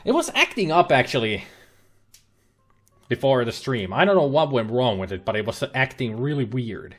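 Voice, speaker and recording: A game streamer with a medium-pitched, sing-song voice chats casually at a moderate pace while playing an adventure game on a livestream, using a webcam and laptop setup. He rambles, full of fillers and restarts.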